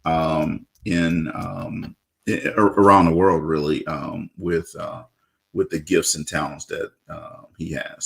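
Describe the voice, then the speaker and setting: A man with a low, deep voice hosts a casual interview. He talks in an upbeat, chatty way, leaning on fillers and restarting his sentences. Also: gravelly, fairly bright tone. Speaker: show host.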